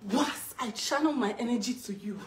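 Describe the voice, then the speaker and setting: A woman's voice: fairly high pitch, moderate pace. A Nigerian woman and mother giving an emotional live-video testimony, chanting repeated exclamations mixed with laughter. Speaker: mother addressing her followers. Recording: roomy, far from the mic, faint hiss.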